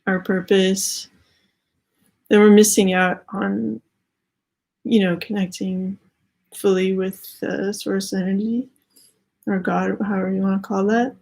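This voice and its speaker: A young adult woman, working as a tarot card reader, gives a casual spiritual reading in a medium-pitched, level voice. She talks slowly with a creaky, slightly mellow quality, pausing often and sounding a little out of breath. Her delivery rambles, packed with "like" fillers.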